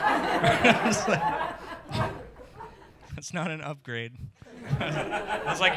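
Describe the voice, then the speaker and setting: A man's voice: a little high, very animated, slow, long pauses. A middle-aged man doing a crude, rambling stand-up set on a comedy club stage, talking into a handheld mic.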